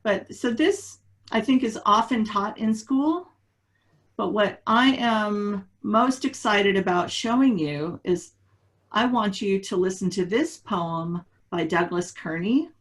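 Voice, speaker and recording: Woman, webinar presenter, conversational, slow delivery, mid pitch. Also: poor audio. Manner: unhurried, conversational, asks the group questions. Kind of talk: teaching a webinar.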